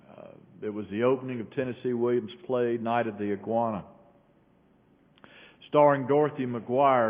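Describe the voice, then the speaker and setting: A male pastor preaching a sermon, telling a story and shifting between raised bursts and quiet low passages. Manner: storytelling with sudden raised quoted shouts and quiet drops. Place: large church sanctuary. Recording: echoey hall on a tinny phone-like line.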